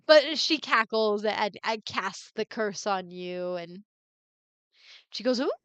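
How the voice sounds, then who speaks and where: A woman's voice: mid-range voice, expressive, slow pace, a bit bright, clean tone, no echo. A woman running a tabletop game as game master, rambling with many fillers and giggling often.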